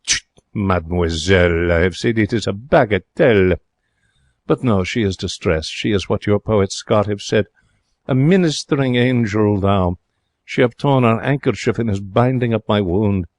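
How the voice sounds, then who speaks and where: An actor playing an excitable young Frenchman in a radio drama, speaking broken English in a French accent with theatrical, emotional delivery. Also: fairly low pitch, moderate pace, no echo, clean studio sound, lightly acted. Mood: wistful. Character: young excitable romantic Frenchman, former hotel cashier. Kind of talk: 1940s radio drama narration.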